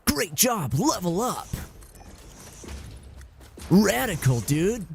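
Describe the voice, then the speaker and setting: A man voicing a hyped male nineties video game announcer, shouting exaggerated callouts. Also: high voice, very animated, drawn-out words, gravelly, a little hiss or hum, pitched above the performer's own voice, heavily acted.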